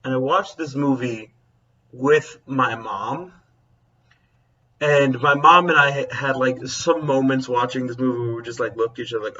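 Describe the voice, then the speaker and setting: Man, teacher, casual vlog chat, rambling, bright tone, dull lo-fi recording. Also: mid-range voice, fairly even intonation, normal speed, distant mic. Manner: rambling, self-interrupting, chuckling.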